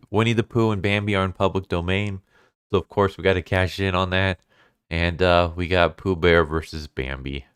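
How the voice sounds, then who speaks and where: Deep-voiced man casually recapping a comic. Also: smooth, dry recording, studio quality. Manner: relaxed, chuckling, loose with filler words. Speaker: comic book reviewer.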